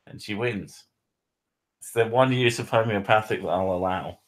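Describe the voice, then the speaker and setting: A man with a lowish voice hosts a relaxed livestream chat. He jokes around, laughs a lot and swears freely as he reads out questions from viewers. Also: unhurried, long pauses. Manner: joking, laughs often, swears. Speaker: host.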